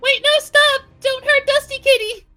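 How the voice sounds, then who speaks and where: A man's voice: very high-pitched, takes it slowly, sharp tone, soft background music, pitched above the performer's own voice, full character voice. A man voicing a small, timid, loyal male kobold in a tabletop game, speaking in broken childlike grammar and calling himself by name. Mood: pleading. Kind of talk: tabletop role-play voice acting.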